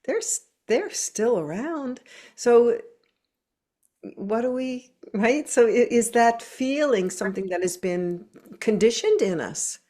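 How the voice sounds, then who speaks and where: A woman's voice: on the high side, expressive, takes it slowly, warm tone. A woman hosting an interview and thinking aloud, asking musing questions. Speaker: host.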